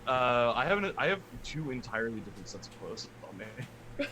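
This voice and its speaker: A man's voice: medium pitch, sing-song, a little fast, pushed and bright. Rambling man playing a tabletop game. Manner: rambling, searching for words, many likes. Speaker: player. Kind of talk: casual chat as a tabletop player.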